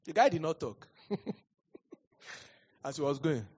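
A Nigerian-accented male pastor preaching with a lively, swooping delivery and a slightly husky edge. He tells his stories animatedly and laughs often. The recording sounds dull and lo-fi. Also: on the high side, a little slow. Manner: animated storyteller, laughs often, acts out quotes. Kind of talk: sermon with storytelling.

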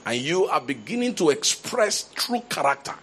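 A man's voice: on the high side, big pitch swings, moderate pace, fairly bright tone, slight background noise. A man preaching a sermon, building to emphatic repeated declarations and often restarting his phrases. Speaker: pastor.

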